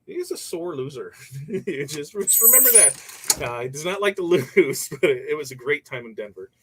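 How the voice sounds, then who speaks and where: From his workshop, where he's pressing shirts, a man hosts a casual livestream, rambling through viewer comments and stories and laughing frequently. His voice is a little high, and the rough recording carries some hiss or hum.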